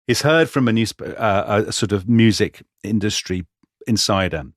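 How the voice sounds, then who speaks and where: A man's voice: on the low side, moderate pace, dry recording, studio quality. A man co-hosting a history podcast, telling the story in a wry, chatty way and often laughing as he goes. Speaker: podcast co-host.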